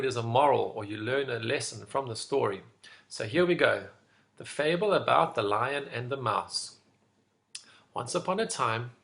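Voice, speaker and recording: A man leading an online school assembly, telling a fable to children in an animated way. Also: medium pitch, vocal fry. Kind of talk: school assembly talk with storytelling.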